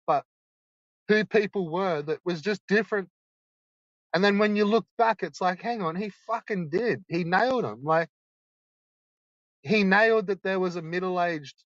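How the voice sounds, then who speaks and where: A man's voice: high voice, a bit bright, no room sound. A young man livestreaming, ranting insistently and swearing a lot. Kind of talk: rambling livestream rant. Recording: dull lo-fi streaming mic.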